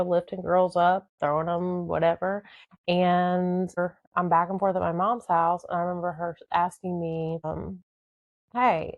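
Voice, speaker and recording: Woman, young, lowish voice, candid rambling storytelling, dry close sound. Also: no echo. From southern United States. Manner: candid, rambling, many fillers. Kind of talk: casual personal storytelling.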